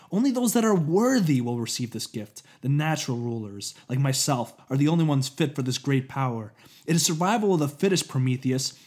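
A man voicing an arrogant older male master inventor in a storybook reading, with a pompous, booming, commanding delivery. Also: darkish tone, lightly acted.

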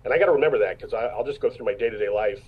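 A man's voice: mid-range voice, racing, husky, phone-quality sound. A man in his fifties, an actor guest in a casual interview, telling stories and acting out what people said, with many restarts. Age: 50s. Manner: storytelling, acts out quotes, frequent restarts.

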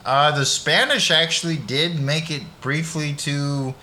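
A man co-hosting a podcast in casual chat, relaxed and chatty. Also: a little high, unhurried, a little hiss or hum. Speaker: podcast co-host.

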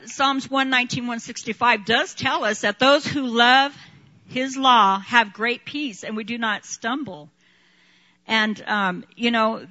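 A woman preaching a sermon and sharing her testimony, animated, laughing often and acting out quotes. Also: on the high side, muffled recording.

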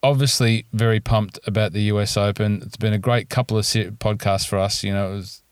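A man's voice: fairly low pitch, fairly even intonation, a little fast, clean tone, no room sound. A man with an Australian accent co-hosting a casual golf podcast in easygoing banter. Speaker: podcast co-host.

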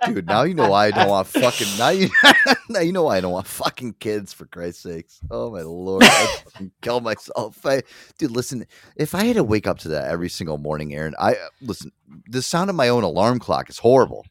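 A man's voice: on the low side, big pitch swings, a little fast, a bit bright, no room sound, studio quality. A man hosting a podcast in casual chat, rambling, swearing freely and laughing often. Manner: crude, rambling, laughs a lot. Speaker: podcast host.

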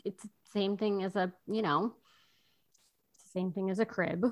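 A woman co-hosting a podcast in casual chat about a TV series, animated, laughing often and jumping between thoughts. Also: mid-range voice, moderate pace.

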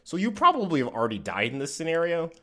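Mann, scherzhafter Schein-Experte, sehr lebhaft. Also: male voice, fairly high pitch, fast talker. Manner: deadpan mock-expert, joking. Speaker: podcast co-host. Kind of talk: casual chat.

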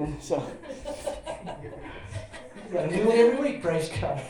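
Male Southern pastor, high voice, folksy sermon with repeated lines and asides; roomy church echo. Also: sing-song, warm tone. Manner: folksy preaching, repeats phrases, quick asides and chuckles. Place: church sanctuary.

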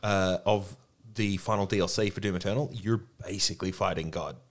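A man co-hosting a podcast, talking in casual, animated, rambling chat and swearing freely. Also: low-pitched, a little fast. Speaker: podcast co-host.

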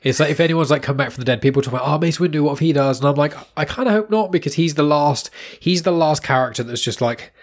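A man's voice: a little high, fast, hardly any pauses. A man in casual fan chat, rambling and enthusiastic, often acting out what he thought. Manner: rambling, quoting himself, enthusiastic.

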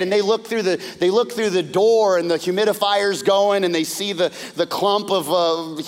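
A man preaching a sermon, retelling a story with lively, humorous asides and acted-out voices. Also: moderate pace, few pauses. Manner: animated storytelling, acting out characters with big pitch swings. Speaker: pastor. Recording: hall reverb.

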